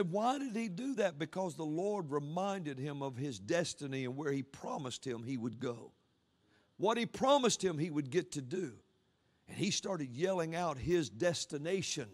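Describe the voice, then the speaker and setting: A man preaching a sermon, swinging from loud cries down to low murmurs.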